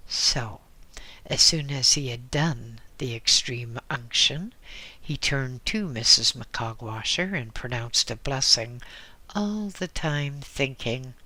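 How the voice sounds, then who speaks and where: A man reading an audiobook in a slow, measured way, dropping into soft whispers now and then. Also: mid-range voice. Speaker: audiobook reader. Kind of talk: scripted audiobook narration.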